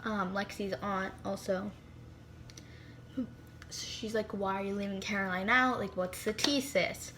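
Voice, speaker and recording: Over a noisy background, a teenage girl narrates a storytime vlog on her phone in a mid-range, fairly even voice, at a measured pace with frequent pauses. She's chatty, leans heavily on "like," and adds dramatic whispered asides.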